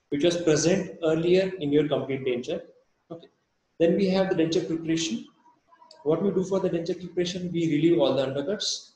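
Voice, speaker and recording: Indian male lecturer, slightly high voice, hesitant delivery with many fillers, echoey room. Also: a little mellow. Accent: Indian English. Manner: halting, many fillers and restarts. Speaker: dental lecturer. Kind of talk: recorded lecture.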